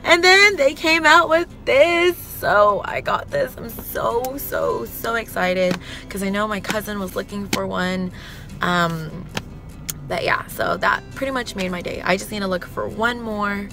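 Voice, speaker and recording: A young woman with a husky voice, chatting excitedly to her viewers in a casual vlog. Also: mid-range voice, measured pace, over music. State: husky, lowered voice while recovering. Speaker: vlogger.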